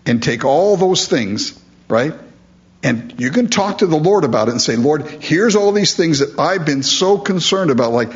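A man's voice: a little high, muffled recording. A man preaching a sermon as pastor, earnest and emphatic, asking rhetorical questions and repeating key phrases.

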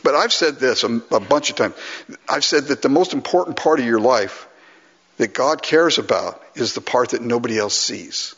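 A man's voice: medium pitch, animated, normal speed, fairly bright tone, slightly rough. A man preaching a sermon to a congregation in a conversational way, with frequent restarts and asides to the listeners. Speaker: pastor. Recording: dull lo-fi recording with long hall reverb.

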